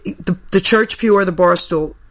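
An older woman hosting a radio talk show, telling a personal story in a chatty way. Her voice is bright and clear. She acts out the people she quotes. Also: on the low side, moderate pace. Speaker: radio host. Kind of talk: storytelling chat. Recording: radio broadcast.

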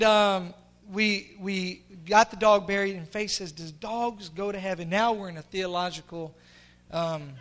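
A middle-aged male pastor preaches with fervor, his voice sitting unusually high for a man. His tone is bright and forceful, sinking to near-whispers before climbing to shouts. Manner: impassioned, swinging from hushed to shouting. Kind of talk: sermon.

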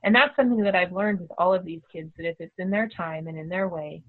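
A middle-aged homeschooling mother telling a story in a casual, animated way, acting out the voices of the people she quotes. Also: lowish voice, fast talker. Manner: animated, acts out quoted dialogue. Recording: tinny phone-like audio.

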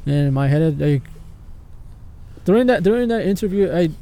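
A man's voice: on the high side, expressive, moderate pace, mellow. A young man co-hosting a podcast, speaking hesitantly and filling his sentences with "like". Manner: hesitant, full of "like" and restarts. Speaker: podcast co-host. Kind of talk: casual podcast chat.

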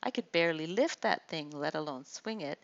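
A woman's voice: low voice, animated, fairly quick, dull audio. A woman voicing a friendly, good-humored teenage boy in soldier training. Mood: joking.

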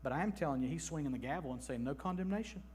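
A man in his thirties preaching an emphatic, animated sermon in a church, slipping into mock voices. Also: mid-range voice, rapid-fire, a little hiss or hum. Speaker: pastor.

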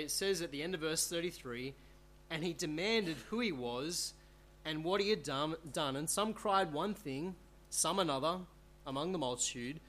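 Male pastor, earnest verse-by-verse sermon delivery, voice on the higher side. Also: fairly bright tone. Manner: earnest, rhetorical tag questions. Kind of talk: expository sermon.

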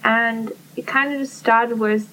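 A woman's voice: a little high, steady tone, a little slow, pushed and bright, recorded from a distance, slight background noise, rough recording. Candid young woman telling stories. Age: young adult. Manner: candid, swears freely, acts out quotes. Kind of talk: casual chat.

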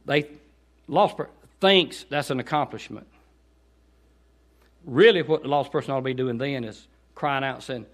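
A man with a Southern accent preaching a guest sermon in a church, dropping to quiet asides and then rising into loud, pleading exhortation. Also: a little slow, pauses often. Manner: swings from low conversational asides to high shouted pleading. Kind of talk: Baptist sermon. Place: church sanctuary.

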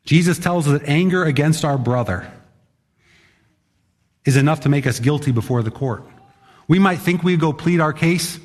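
A man's voice: on the high side, moderate pace, long pauses. Emphatic male pastor in an echoing hall. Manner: emphatic, conversational, acts out quotes. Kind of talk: sermon. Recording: long hall reverb.

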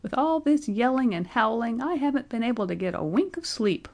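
A woman's voice: medium pitch, sing-song, normal speed, a little mellow, pitched above the performer's own voice. A woman voicing a querulous, complaining old man who has just been born, whining and quavering as he speaks. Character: querulous old man, newborn, whiny and demanding.

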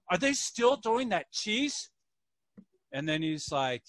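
Animated storytelling man, bright dry voice. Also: sits high, normal speed, no echo. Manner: animated, acts out characters in voices. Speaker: podcast co-host. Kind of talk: casual storytelling chat.

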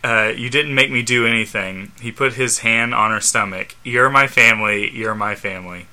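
A man on a casual podcast reading fan fiction aloud, halting and stumbling over lines and laughing at the text. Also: mid-range voice, pushed and bright. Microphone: studio microphone.

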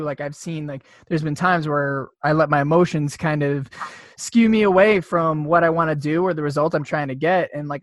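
A man hosting a podcast. He asks long questions in a loose, rambling way, stacking up filler words. His voice is slightly higher than most men's, and the recording is dry and close. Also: no room sound. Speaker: podcast host. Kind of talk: podcast interview.

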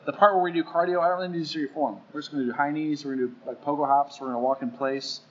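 A man's voice: on the high side, fairly even intonation, dull audio. A man co-hosting a podcast, a fitness instructor chatting casually and rambling through his stories. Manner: fast, rambling storyteller who repeats himself.

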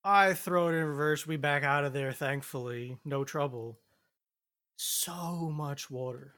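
Relaxed man with a higher voice chatting. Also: a little slow. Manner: laid-back storyteller recounting events step by step. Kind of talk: casual chat.

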